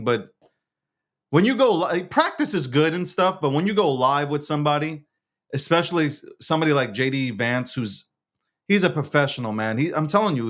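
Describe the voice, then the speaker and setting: A man's voice: on the high side, a bit bright. A man hosting his own show, talking in a casual, slangy monologue with lots of stammered restarts. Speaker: show host.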